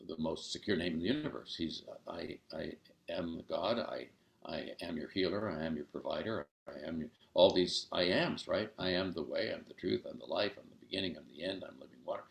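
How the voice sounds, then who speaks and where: Gravelly deep-voiced older male storyteller. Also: roomy sound. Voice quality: gravelly low voice. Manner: animated storyteller who acts out dialogue. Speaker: guest author and storyteller. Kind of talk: storytelling in an interview.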